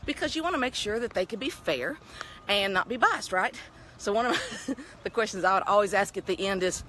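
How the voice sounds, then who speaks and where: A woman's voice: medium pitch, animated, brisk, bright, forceful tone, slight background noise. A middle-aged woman with a Texan accent talks in a chatty, upbeat and folksy way as she walks along a street outdoors, speaking into a handheld phone. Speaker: vlogger. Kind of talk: casual talking-head vlog. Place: outdoors on a town street, walking.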